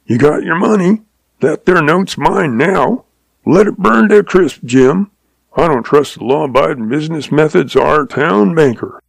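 A man voicing a shrewd old cowboy who talks in a slow, patient, folksy drawl. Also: fairly high pitch, animated, vocal fry, no echo, pitched above the performer's own voice. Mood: amused. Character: shrewd old cowboy, calm, sly, chuckling.

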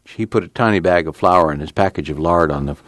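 A man narrating a dramatic audiobook in an even, low manner. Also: fast, dry recording. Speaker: reader.

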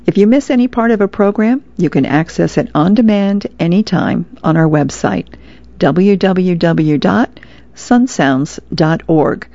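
Gravelly-voiced woman reading comics on radio. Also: lowish voice, lively intonation, measured pace, dark tone, dry recording. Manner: chatty, with small laughs. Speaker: volunteer reader. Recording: dull lo-fi radio sound.

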